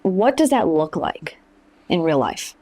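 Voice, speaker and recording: Woman interviewer with a lowish voice. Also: very animated, a little slow, darkish tone. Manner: asks short questions, gives brief affirmations. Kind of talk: interview questions.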